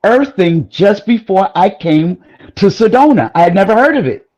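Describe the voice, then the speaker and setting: A woman guest in a casual chat, telling a personal story in an animated, rambling way with frequent exclamations. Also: mid-range voice, normal speed, dull audio.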